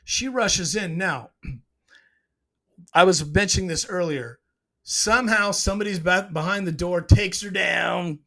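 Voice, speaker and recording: A man hosting his own show, recapping a TV episode in a rambling, emotional way, often clearing his throat. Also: high-pitched, takes it slowly, pushed and bright. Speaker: show host.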